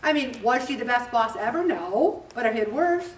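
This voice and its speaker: An older woman with a slightly high voice gives a chatty, direct talk to a group and acts out bits of dialogue. She is picked up from a distance in a roomy space. A faint hum sits behind her. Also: expressive, moderate pace. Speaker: group leader speaking to a weight loss group. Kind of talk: casual motivational talk.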